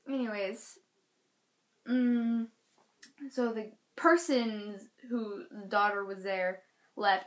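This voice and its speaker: A teenage girl telling a storytime vlog, animated, acting out quotes with loud shouted bursts. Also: medium pitch, slow. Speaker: vlogger.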